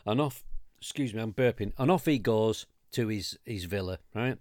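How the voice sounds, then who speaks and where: A man's voice: on the low side, moderate pace, darkish tone, no room sound, clean studio sound. An English man co-hosting a podcast, ranting in casual chat, swearing and stumbling over restarts while mocking the people he quotes. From England. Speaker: podcast co-host.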